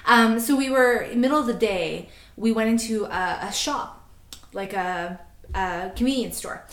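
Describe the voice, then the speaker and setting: A woman's voice: on the high side, reverberant. Chatty Canadian woman telling a story. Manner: animated, quick, laughing asides, acts out quotes. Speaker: podcast co-host. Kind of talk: casual storytelling chat.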